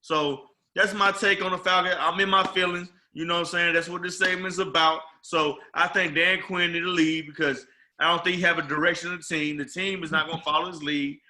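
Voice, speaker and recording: High bright-voiced man ranting. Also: fairly even intonation, a little fast. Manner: emphatic, rambling rant. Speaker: podcast host. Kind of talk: casual sports talk.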